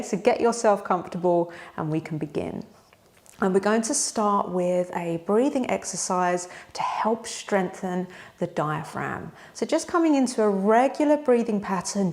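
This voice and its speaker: A woman yoga instructor giving slow, calm, soothing breathing and stretching cues. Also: medium pitch.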